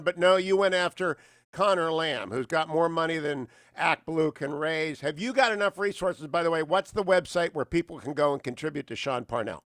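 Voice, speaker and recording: A middle-aged male radio host from northeastern Ohio runs the interview, chatty and animated. He drops to a low, quiet register for serious points. His voice sits a little high and sounds close and dry. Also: normal speed, dry recording. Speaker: radio talk show host.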